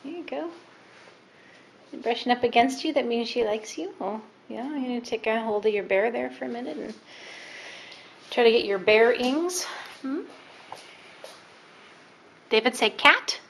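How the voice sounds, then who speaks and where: A woman's voice: fairly high pitch, measured pace, vocal fry, pauses often, a bit bright, a little hiss or hum, rough recording. A woman filming her young son at home, narrating and coaxing him and a cat in a sing-song voice. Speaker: mother filming her child. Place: at home with a couch.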